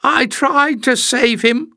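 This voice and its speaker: Jinx, a quavering whining little acrobat. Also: male voice, very high-pitched, slow, creaky, pushed and bright, no echo, studio quality, pitched above the performer's own voice, exaggerated voice. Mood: wailing. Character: puny whining male acrobat, cringing beggar.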